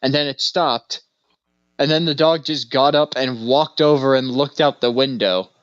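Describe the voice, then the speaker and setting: This co-host talks at a normal speed in a medium, somewhat bright voice, loosely wandering through stories and laughing frequently in casual podcast conversation. The recording is dry and a bit dull, with no echo.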